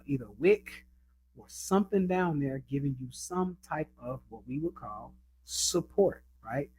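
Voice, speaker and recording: Man with a somewhat high voice, casual instructor talking over his screen, chatty and conversational. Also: a little hiss or hum, poor audio. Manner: chatty, keeps asking "right?". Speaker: trading instructor. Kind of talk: casual screen-share lesson.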